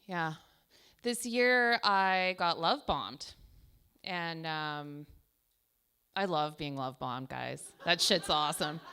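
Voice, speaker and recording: A woman's voice: low voice, slow, long pauses, sharp tone, clear, resonant tone. A young adult woman telling self-deprecating stand-up stories in a chatty way, full of "like". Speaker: stand-up comedian. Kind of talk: stand-up comedy storytelling. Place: small comedy show stage.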